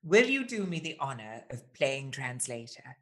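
Man host, theatrical and wordy, bright voice. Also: medium pitch, very animated, normal speed. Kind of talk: casual chat.

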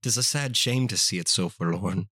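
A man's voice: lowish voice, normal speed, pushed and bright, breathy edge, dry recording, clean studio sound. A man voicing a cheeky, bawdy female leprechaun in a put-on Irish accent, in a comedic reading. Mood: sultry. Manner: playful brogue, laughs through lines.

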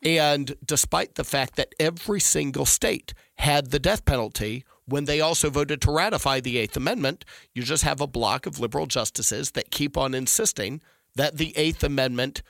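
A man's voice: fairly high pitch, normal speed, gravelly, fairly bright tone, no room sound. A middle-aged man giving discursive, emphatic legal analysis in conversation, often restarting his sentences. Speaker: legal commentator.

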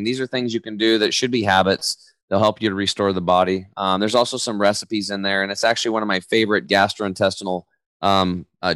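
Man, podcast guest, lowish voice, dry close sound, lively casual talk. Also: no room sound. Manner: energetic, casual storytelling with slang. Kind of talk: podcast interview.

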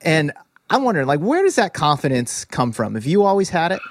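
A man hosting an interview, asking questions in a measured, thoughtful way. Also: a little high, very animated, no room sound, clean studio sound. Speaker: podcast host, interviewer.

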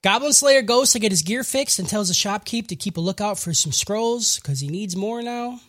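A man's voice: high voice, moderate pace. A man hosting a podcast, recapping an anime episode in a casual, profane, joking way. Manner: profane, joking, animated storyteller. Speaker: podcast host.

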